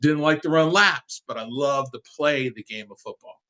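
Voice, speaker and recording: A man in his fifties, a guest on a sports interview, telling a heartfelt childhood story in an animated, casual way. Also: medium pitch, moderate pace, low-quality recording.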